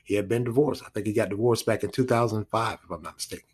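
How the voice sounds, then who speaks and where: A man's voice: on the low side, fast, husky. Male commentator, casual news monologue, rambling with asides and chuckles.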